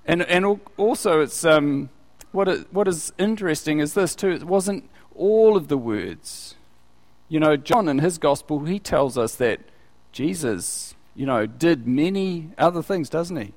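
A man with a slightly raised voice teaches from the Bible in a relaxed, conversational way, putting questions to his listeners. His voice carries a long reverberation from the hall around him. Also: on the high side, unhurried. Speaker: preacher.

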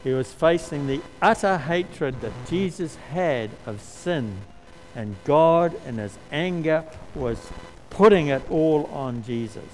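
Slow, emphatic preacher. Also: male voice, a little high, animated, darkish tone, soft background music, low-quality recording. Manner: slow, emphatic, rises to stress key words. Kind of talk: sermon.

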